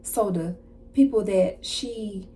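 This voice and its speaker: A woman card reader giving a casual channeled message, retelling a story in an animated way with slang and asides. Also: mid-range voice, slow pace, slight background noise.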